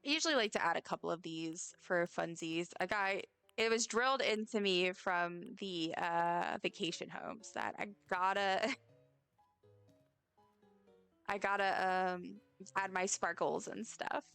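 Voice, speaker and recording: A woman's voice: lowish voice, a little slow, vocal fry, a bit bright, clean tone, no room sound, soft background music. A woman streaming a game, chatting casually and rambling with lots of fillers. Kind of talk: casual gameplay chat.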